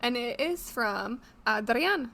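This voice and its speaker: A young woman co-hosting a podcast in a casual chat, playful and quick to laugh. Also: fairly high pitch, expressive, gravelly, pushed and bright. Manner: chatty, laughs often, playful. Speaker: podcast co-host.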